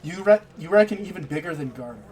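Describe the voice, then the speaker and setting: A man running a tabletop game as game master, narrating the scene in a relaxed way. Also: high voice, fast talker, slight background noise.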